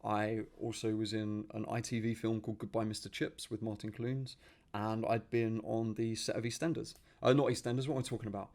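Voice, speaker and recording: Earnest man from Essex, softened accent. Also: on the low side, little pitch movement, fairly quick. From Essex, England. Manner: earnest, repeats words while searching for them. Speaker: podcast host, personal trainer. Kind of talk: reflective personal monologue.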